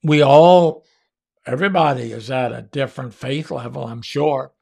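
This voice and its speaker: A man giving an earnest, emphatic sermon-style faith teaching, with drawn-out pauses. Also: mid-range voice, vocal fry, darkish tone.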